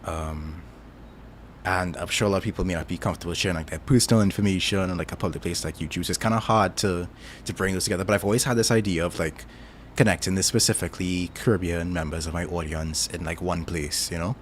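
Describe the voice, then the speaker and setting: Trinidadian guy w a deep voice, rambly easygoing stream chat, lots of likes and ums. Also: fairly even intonation, fast talker, a little hiss or hum. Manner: rambling, thinks aloud with many fillers. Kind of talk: casual chat.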